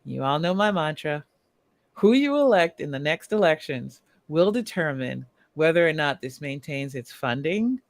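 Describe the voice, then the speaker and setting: A woman's voice: sits low, very animated, moderate pace, dry recording. A woman co-hosting a casual news discussion podcast, explaining points at length and laughing between them. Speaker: podcast co-host.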